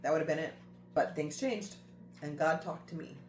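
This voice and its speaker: A woman's voice: low-pitched, normal speed, a little mellow, slight background noise. A woman host telling a family story in a casual chat, earnest and repeating phrases for emphasis. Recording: roomy echo with faint music.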